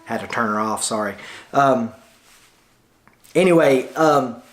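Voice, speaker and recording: A man's voice: medium pitch, takes it slowly, faint music behind. A middle-aged man with a Tennessee Southern accent talks through his photography studio in a loose, chatty vlog, recorded indoors in the studio lounge on a camera-mounted shotgun mic. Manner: folksy, chatty, loose with many fillers. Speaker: photographer vlogger. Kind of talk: casual rambling vlog talk.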